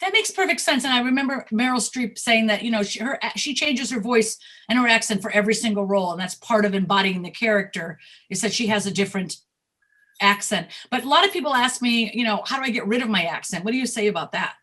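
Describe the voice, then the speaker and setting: A woman hosting an interview as a talent manager, with a bright, sharp voice pitched a little high. She asks questions and backs up her guest with quick agreement. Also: expressive. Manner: affirming, leads with questions.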